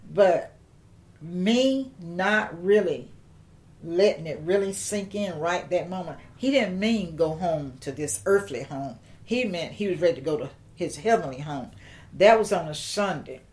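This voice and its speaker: An older woman, telling a personal story in an interview, slow and reflective with halting restarts. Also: fairly low pitch, lively intonation, a little mellow.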